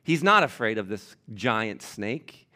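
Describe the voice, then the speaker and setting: A pastor preaching an animated, emphatic sermon, teaching from scripture and speaking directly to his congregation. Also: lowish voice, slow.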